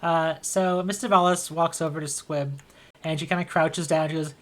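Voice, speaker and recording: Relaxed woman game master with a lowish voice. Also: normal speed. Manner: relaxed, with fillers and restarts. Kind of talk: narrating a tabletop game.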